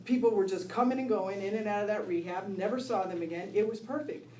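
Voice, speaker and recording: A middle-aged woman tells her recovery story to an audience, laughing often and asking "right?" as she goes. Her medium-pitched, darkish voice moves at a quick pace, heard from far off in an echoey room with a little hiss or hum.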